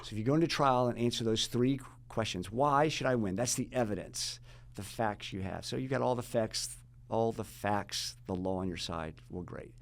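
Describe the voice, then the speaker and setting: A middle-aged man with a fairly low voice, speaking as an interview guest. He works through his points in order and asks rhetorical questions along the way. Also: moderate pace, vocal fry. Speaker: guest, jury consultant. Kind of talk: explanatory interview talk.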